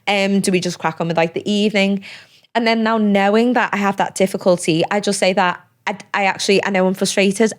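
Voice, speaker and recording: A young woman, a podcast guest talking casually and animatedly, with quick asides and lots of fillers. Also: medium pitch. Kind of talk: casual conversational interview.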